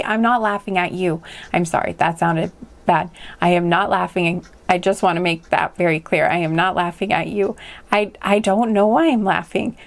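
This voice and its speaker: A woman giving a casual pick-a-card tarot reading, rambling and hesitant, with many fillers and frequent laughs. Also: mid-range voice. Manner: rambling and hesitant, full of likes and ums, laughs often.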